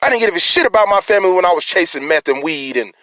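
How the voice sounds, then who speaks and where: A man's voice: high-pitched, expressive, quick pace, bright, forceful tone, no room sound. Brief: man in a raw, rambling monologue, stumbling over words, challenging listeners, dry voice. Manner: rambling, stammering restarts. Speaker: concerned citizen. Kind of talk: emotional personal monologue.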